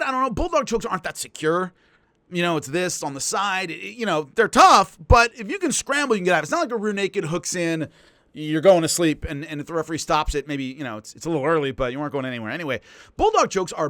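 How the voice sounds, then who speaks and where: Man, combat sports analyst, lively swooping delivery, slightly high voice, dry close sound. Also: no echo. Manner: animated, emphatic storytelling with frequent restarts. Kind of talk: casual analytical commentary.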